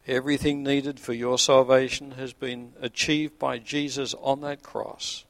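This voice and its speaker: A man, a pastor delivering an earnest sermon that swells to emphatic peaks and sinks to quiet low points. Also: little pitch movement, unhurried, vocal fry, no echo. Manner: earnest preaching, rising to emphatic peaks then dropping low.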